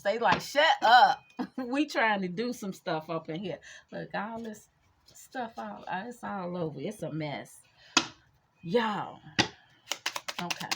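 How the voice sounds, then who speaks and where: A woman in her fifties with a fairly low voice, chatting casually to her viewers. She rambles loosely and slows down when she reads affirmations. A faint hiss sits under her voice. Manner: slow reflective affirmations. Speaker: spiritual reader and vlogger. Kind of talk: casual spiritual chat vlog.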